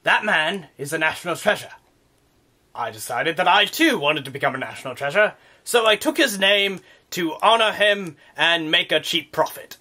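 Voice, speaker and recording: A man's voice: on the high side, expressive, normal speed, sharp tone. A man playing a cheeky fake-Aussie crocodile. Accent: put-on Australian. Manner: cheeky, mock-offended, jokey. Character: crude fake-Australian male crocodile talk guest.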